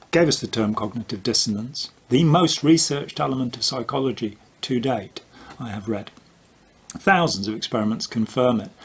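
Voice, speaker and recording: An older man talks through a point in casual conversation, the tone explanatory and patient. His voice carries a husky, slightly breathy texture. Now and then a dry, wry joke slips in. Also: mid-range voice. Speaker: author and commentator.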